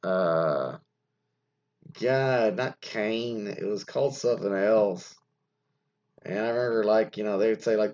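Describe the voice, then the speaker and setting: A man hosts a podcast by himself, talking in a gravelly voice at a middle pitch. His delivery swings lively up and down as he rambles, drifts into muttered asides and swears offhand. The recording is dull and lo-fi. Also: normal speed. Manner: rambling, many fillers, trails off into mutters. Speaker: podcast host. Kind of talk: casual solo commentary reading from an article.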